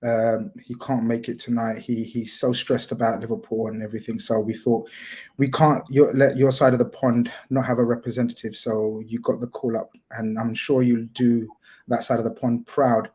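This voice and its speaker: A man's voice: mid-range voice, little pitch movement, moderate pace, warm tone. A man hosting a casual live stream, chatty and teasing, reading out a sponsor plug and welcoming his panel. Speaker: host.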